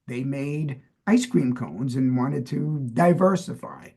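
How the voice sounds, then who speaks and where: Gravelly, husky-voiced middle-aged man. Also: mid-range voice, slow pace, darkish tone. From New Jersey, USA. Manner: chatty, meandering, quizzing with fillers. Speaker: podcast co-host. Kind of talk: casual chat, trivia quiz.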